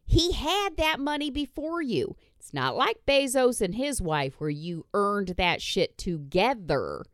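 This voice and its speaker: A woman's voice: medium pitch, sing-song, a little slow, no room sound, clean studio sound. A woman hosting a podcast, ranting bluntly and swearing in casual chat. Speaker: podcast host.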